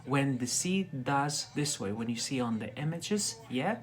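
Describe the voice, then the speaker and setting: Slow-talking man tutoring English. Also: medium pitch, animated. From Algeria. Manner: deliberately slow, frequent "yeah?" check-ins. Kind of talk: live-streamed English lesson.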